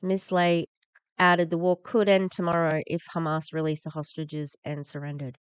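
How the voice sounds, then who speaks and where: Low-voiced blunt woman. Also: little pitch movement, moderate pace, clean tone, no echo. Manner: heated, blunt and profane, with sarcastic asides. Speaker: political commentary podcast host. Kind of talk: opinionated news commentary, reading and reacting.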